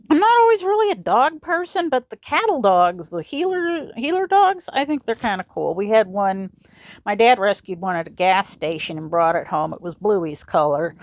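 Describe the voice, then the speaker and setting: A woman, chatting casually as she opens fan mail at home and cooing at her pets. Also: mid-range voice. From Missouri. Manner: chatty, coos at her pets in a lively sing-song. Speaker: vlogger opening fan mail. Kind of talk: casual unboxing chat.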